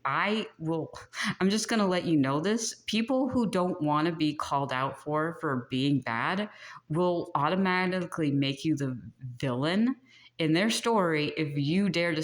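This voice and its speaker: A woman giving a casual tarot reading, chatty and animated, often laughing and breaking into asides. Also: sits low. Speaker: tarot reader.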